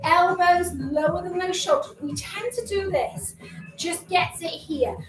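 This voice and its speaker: A woman's voice: extremely high pitch, a little slow. A woman fitness instructor coaching a live online exercise class with encouraging cues, countdowns and chatty asides, a little out of breath. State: slightly out of breath. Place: home room, indoors. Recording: roomy echo, distant from mic, faint music.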